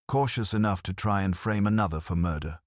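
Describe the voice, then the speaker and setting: A deep-voiced man, a little fast, lightly acts an elderly woman sleuth in a dry, studio-quality recording. She comes across as gentle, shrewd, and unruffled, chatting in a light, pleasant way while probing.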